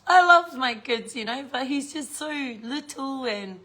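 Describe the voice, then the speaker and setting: A woman's voice: high voice, unhurried. Older New woman, casual vlog chat, salty and giggly storyteller. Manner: swears freely, laughs often, animated storytelling. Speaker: vlogger.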